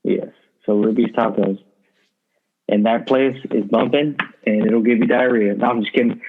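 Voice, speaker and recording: Male guest, husky voice, relaxed and goofy, on a tinny video call. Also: medium pitch, moderate pace. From Texas. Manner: laid-back, goofy, laughing. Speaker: podcast guest. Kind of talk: casual chat over a video call.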